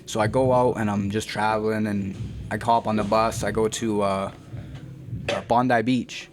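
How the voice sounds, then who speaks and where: A man's voice: on the low side, normal speed, a little hiss or hum. A young man from Canada, a boxer telling his story in a casual, slangy interview and calling the host "bro". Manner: slangy and animated, says "bro" often.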